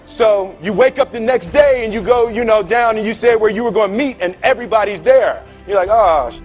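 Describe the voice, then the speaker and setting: A man giving a humorous motivational talk, telling a story with animated delivery, acting out voices, often laughing and checking in with "right?". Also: high voice, brisk, faint music behind. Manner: repeats words and tags lines with "right?". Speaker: speaker.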